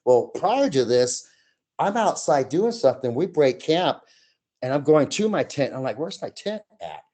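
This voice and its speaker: A man in his sixties, a guest telling his own stories in a casual chat, animated and acting out voices and sounds as he goes. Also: fairly high pitch, unhurried. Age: 60s.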